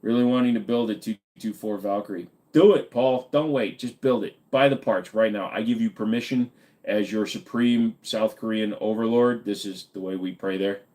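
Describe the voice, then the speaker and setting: A man's voice: on the low side, normal speed, warm tone. A tired man hosting a casual live stream, rambling and joking crudely with viewers, saying he feels dizzy. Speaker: livestream host.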